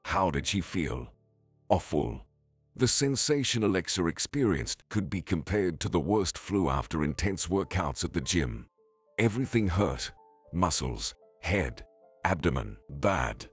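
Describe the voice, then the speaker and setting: Casual: low husky guy narrating a story, lively pitch, soft music in the back. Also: a little slow. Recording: faint background music.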